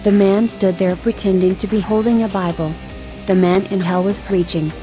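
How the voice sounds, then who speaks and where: A woman's voice: medium pitch, steady tone, moderate pace, music in the background. Earnest woman narrating a testimony. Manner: earnest, emotional storytelling. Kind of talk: scripted narration.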